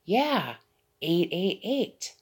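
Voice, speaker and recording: A woman voicing a frail elderly woman with dementia, gentle and sweet. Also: fairly low pitch, sing-song, very slow, breathy edge, voice pushed up, heavily acted. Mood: excited.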